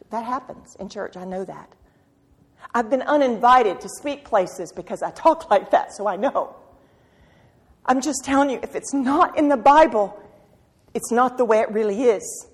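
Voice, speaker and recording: A woman preaching a sermon with passion, firing rhetorical questions and swinging from loud to hushed. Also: fairly high pitch, animated, moderate pace, breathy edge. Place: church sanctuary. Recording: reverberant hall.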